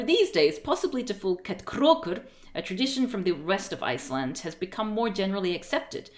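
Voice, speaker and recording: A woman streamer reading a book aloud on a live stream, breaking off with giggling asides and stumbling over unfamiliar words. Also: mid-range voice.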